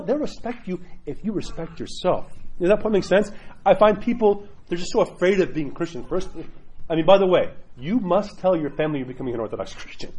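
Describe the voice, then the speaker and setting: A man, a priest, teaching a class in a chatty, animated way, often acting out quotes. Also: high-pitched, slightly rough. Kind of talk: casual catechism class talk.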